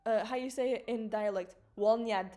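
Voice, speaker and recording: A woman chatting casually on a live stream about her own work, animated and swearing, with mock outrage and quick laughs. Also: mid-range voice, soft background music.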